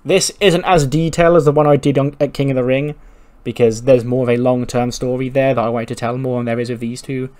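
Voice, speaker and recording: A man's voice: medium pitch, steady tone, a little fast, hardly any pauses, a little mellow. Casual, swearing male game narrator. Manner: casual, swears, acts out characters. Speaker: game commentator. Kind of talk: narrating a wrestling sim playthrough.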